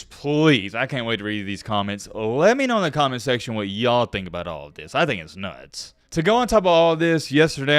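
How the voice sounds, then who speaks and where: Animated young man with a lively voice. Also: mid-range voice, smooth, dry recording, studio quality. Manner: animated, emphatic, punches words slowly. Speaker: sports commentary vlogger. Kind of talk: casual sports commentary.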